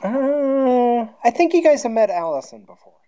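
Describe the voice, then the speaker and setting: Easygoing lady calling in, low warm voice, bouncy lively intonation. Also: moderate pace, muffled recording. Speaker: caller. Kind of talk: casual phone-in chat.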